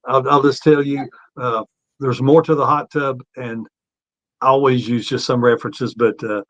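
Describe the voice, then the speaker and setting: A man's voice: mid-range voice, fairly even intonation, normal speed, fairly bright tone, highs cut off. A man chatting as a guest in a casual interview, rambling and hesitant.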